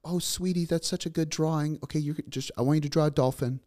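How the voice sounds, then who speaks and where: Man doing a little girl playing mom: sugary, coddling, raised pitch, quick. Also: steady tone, a little mellow, lightly acted.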